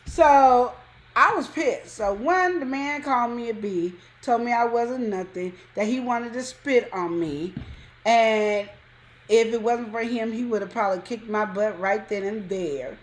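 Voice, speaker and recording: A woman casually telling a personal story on a talk show, acting out quotes with sudden high jumps in pitch. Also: a little slow. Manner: animated, acts out quotes with big pitch jumps. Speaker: co-host.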